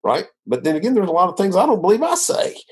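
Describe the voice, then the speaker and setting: Husky male minister, earnest rambling storyteller, conversational interview. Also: high-pitched, huge pitch swings, fast talker. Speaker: minister sharing his testimony.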